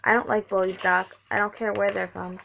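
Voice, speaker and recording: A woman's voice: mid-range voice, level tone, fairly quick, vocal fry, slight background noise, natural voice. Female reader voicing a determined small young man; plain storybook read, dull audio. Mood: earnest. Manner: read plainly in her own voice.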